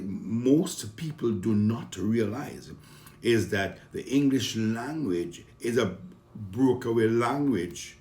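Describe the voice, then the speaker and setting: A Vincentian comedian from Saint Vincent talks casually and earnestly about how he grew up, now and then getting heated, with lots of fillers and restarts. His voice is lowish, slow, expressive and a little mellow, and the sound is roomy.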